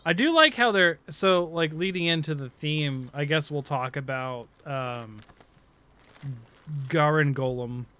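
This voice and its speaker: A man's voice: fairly high pitch, measured pace, pushed and bright, clear, resonant tone. A man co-hosting a casual gaming chat, rambling and correcting himself, laughing often. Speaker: podcast co-host.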